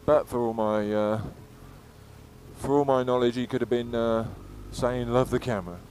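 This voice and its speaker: Recorded on a helmet-mounted action camera out on the road, this English man rambles casually about whatever comes to mind as he rides his motorcycle, cursing liberally. His mid-range voice has fairly even intonation, a slightly slow pace and a darkish tone, with faint engine and road noise behind it.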